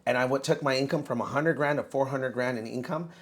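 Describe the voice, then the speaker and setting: A man in his thirties, a podcast guest, telling his own story in casual, animated talk and calling the host bro. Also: medium pitch, quick pace. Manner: animated, says bro a lot.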